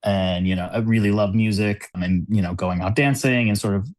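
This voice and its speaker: In a relaxed New York City podcast interview, an American cube designer talks with plenty of "like" and "you know" and laughs frequently. His voice is lowish and darkish, moving at a normal speed, with no echo.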